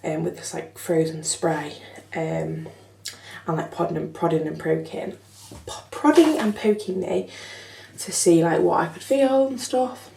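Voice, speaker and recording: A woman's voice: lowish voice, unhurried, gravelly, mellow, slight background noise. A young woman telling her story in a chatty, frank vlog, swearing casually. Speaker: vlogger. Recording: echoey room, slightly far from mic.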